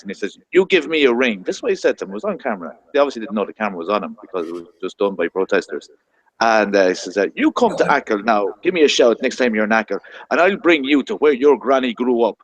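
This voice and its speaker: A man's voice: on the low side, big pitch swings, fast, no room sound. An Irish man on a roundtable panel, talking bluntly and with indignation, swearing as he goes. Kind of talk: heated roundtable discussion.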